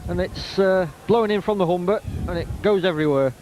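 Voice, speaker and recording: A man's voice: high voice, fairly quick, a little mellow. A man giving easygoing football co-commentary with hesitant fillers, from an open-air commentary position. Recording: noisy outdoor stadium recording.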